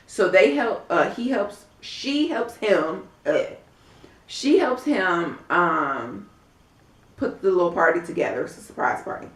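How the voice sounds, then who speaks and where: A woman's voice: lowish voice, expressive, measured pace. A woman recapping a reality show in a sassy, blunt, profane way, acting out what the cast members said. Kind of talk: casual recap vlog. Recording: echoey room, far from mic.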